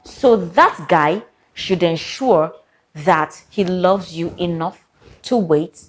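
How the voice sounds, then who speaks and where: A woman's voice: on the low side, takes it slowly. A woman, a therapist giving casual relationship advice in a sassy, playful, direct way.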